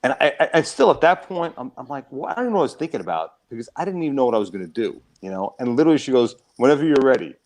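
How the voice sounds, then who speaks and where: A man, a comedy club owner, telling a lively story in casual chat and acting out the other voices. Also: mid-range voice, very fast, hardly any pauses, poor audio. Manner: animated, acts out quoted voices.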